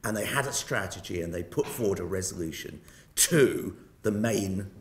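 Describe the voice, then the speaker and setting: A man's voice: low-pitched, animated, normal speed, slight background noise. An older British man giving a public lecture, telling wry, self-mocking anecdotes. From Britain. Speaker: guest lecturer. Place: lecture hall. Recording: roomy hall sound.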